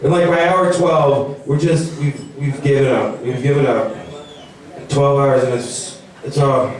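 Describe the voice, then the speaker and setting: Rambling young comic in an echoey room. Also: male voice, mid-range voice, measured pace. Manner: rambling, animated, voices mocking characters. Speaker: stand-up comedian. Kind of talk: stand-up comedy set. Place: comedy venue. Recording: very echoey room, mic far off.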